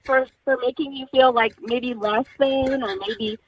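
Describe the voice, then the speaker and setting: A woman's voice: high voice, fairly even intonation, unhurried, a crowd in the background. A woman calling in to a radio show, hesitant and stammering, heard over a phone line. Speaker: caller. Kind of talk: call-in talk.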